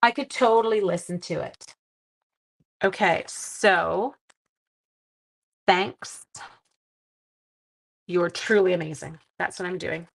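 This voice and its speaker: A woman's voice: lowish voice, slow, vocal fry, long pauses. A middle-aged woman hosting a live stream, chatting casually with viewers and reading their comments while she makes cards. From Canada. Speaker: live-stream crafting host.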